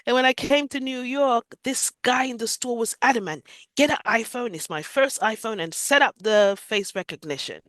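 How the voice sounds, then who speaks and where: A Jamaican woman, appearing as an interview guest, vividly and emotionally retells her own near-death experience. Her slightly high, fairly bright voice moves at a moderate pace, with no room sound.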